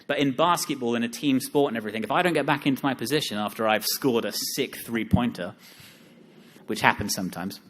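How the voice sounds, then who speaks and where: A young man speaking at a live seminar, joking and self-deprecating, with lively asides to the audience. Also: mid-range voice.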